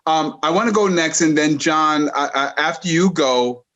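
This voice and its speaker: A man's voice: on the high side, normal speed, fairly bright tone. Eager male podcast host, slightly dull audio. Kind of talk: casual conversation.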